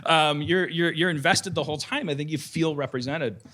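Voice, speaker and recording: A man hosting a podcast in casual talk, rambling and animated, swearing freely and joking between points. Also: a little high, moderate pace. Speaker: podcast host.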